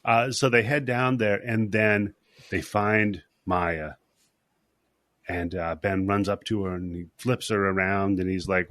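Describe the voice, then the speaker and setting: A man's voice: fairly low pitch, fairly even intonation, a bit bright, no room sound. A man hosting a casual podcast, rambling and swearing as he recaps a movie scene by scene and acts out the lines. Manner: rambling, profane, acts out scenes in quick voices. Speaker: podcast host.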